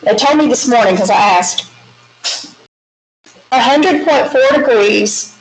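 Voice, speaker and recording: A woman with a Southern US accent teaching a math lecture, walking through problems step by step with chatty, folksy asides. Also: a little high. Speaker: math instructor. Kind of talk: recorded classroom lecture. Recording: echoey classroom with faint hiss.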